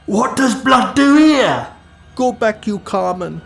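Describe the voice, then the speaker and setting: A menacing male murderer barks gruff commands in a shaky Scottish accent, as a man puts him on. The voice jumps well above the performer's own and rings out loud. Faint music plays underneath. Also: sits high, lively intonation, slow pace, pitched above the performer's own voice, exaggerated voice. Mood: barking orders. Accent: put-on Scottish, admittedly poor. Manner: barking gruff orders.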